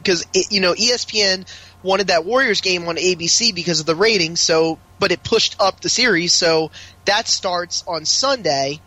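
A man co-hosting a podcast, chatting casually about basketball, asking questions and throwing in quick asides. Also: high-pitched, sharp tone, no echo, rough recording. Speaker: podcast co-host. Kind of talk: casual sports chat.

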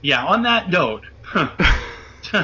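A man telling a wild story as a guest, animated and profane, acting out the voices of the people in it. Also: high-pitched, slow, slight background noise. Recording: muffled lo-fi audio.

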